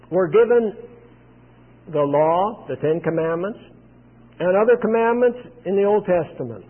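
A man preaching a sermon, retelling a scripture scene in plain storytelling with frequent pauses. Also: high-pitched. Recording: tinny phone-like sound with long hall reverb.

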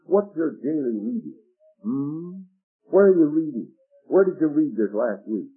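A man's voice: fairly high pitch, animated, a little slow, husky. A man preaching a sermon, reading scripture aloud and asking the listeners rhetorical questions. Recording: tinny lo-fi old radio broadcast.

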